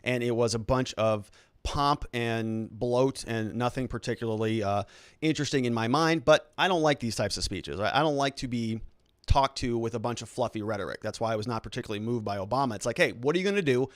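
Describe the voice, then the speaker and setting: A man's voice: mid-range voice, brisk, no room sound, clean studio sound. A man hosting a legal and political commentary show, talking casually with a sarcastic edge. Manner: sarcastic, mocking quoted reactions in put-on voices.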